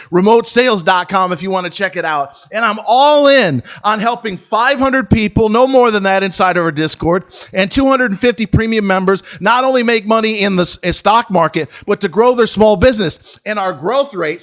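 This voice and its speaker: A high-pitched American man hosts his own stock trading channel. He is brash and boastful, swears freely and talks in a casual, excitable run of market commentary. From United States.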